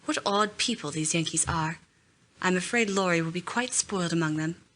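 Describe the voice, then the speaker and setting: A haughty young English lady who talks down to everyone, voiced by a woman reading the book. Her tone is patronizing and the voice sounds bright, sitting a little low. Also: moderate pace, slight background noise, lightly acted. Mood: condescending.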